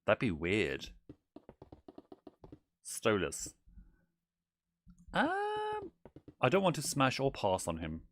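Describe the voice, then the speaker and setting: A man's voice: mid-range voice, wildly swooping pitch, extremely slow, pauses often, a little hiss or hum, heavily acted. A man voicing a flamboyant male owl demon prince while streaming a game in character, theatrical and giggly, calling people darling. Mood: playful. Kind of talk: in-character gameplay livestream.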